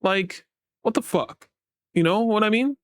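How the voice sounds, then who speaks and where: A man's voice: high-pitched, unhurried, no room sound, studio quality. A man giving a casual personal update to his viewers as a VTuber, rambling and frustrated, swearing often. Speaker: VTuber and YouTube creator.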